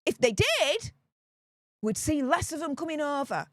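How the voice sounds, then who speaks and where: A woman's voice: sits high, sing-song, a little slow, no room sound, clean studio sound. A woman with a Northern English accent giving opinionated political commentary, ranting indignantly and repeating her points for emphasis.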